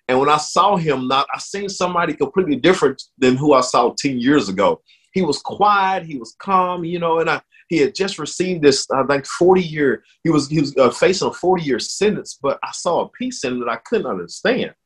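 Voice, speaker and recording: Man, husky voice, earnest faith testimony, halting with many restarts, emotional. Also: a little high, animated, a bit bright. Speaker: guest sharing testimony.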